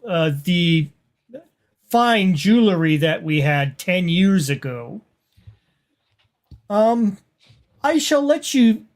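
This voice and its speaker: A cagey male antiquities dealer with a faint German accent, speaking in a slow, measured way that stays polite while giving nothing away, as a game master puts him on. He talks like a tabletop-game villain bargaining from a position of power. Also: mid-range voice.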